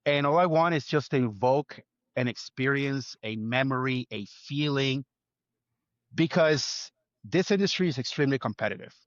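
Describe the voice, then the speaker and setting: A man's voice: mid-range voice, animated, normal speed, no echo, lo-fi sound. A man, a chef, speaking earnestly in an interview, building his points in short lists. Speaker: chef guest. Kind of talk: reflective interview talk.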